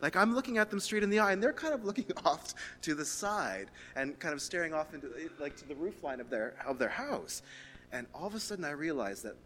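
A man preaching a sermon to his church in a conversational, animated way, reading scripture aloud and telling stories on himself. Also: fairly high pitch, a little fast, slight background noise. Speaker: pastor. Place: church hall. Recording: reverberant church hall.

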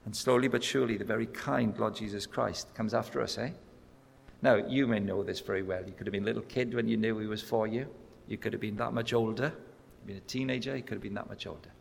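A man preaching a sermon, telling stories with acted-out voices and building to loud, emphatic peaks. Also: fairly low pitch, steady tone, quick pace, gravelly, slight background noise. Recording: echoey hall sound.

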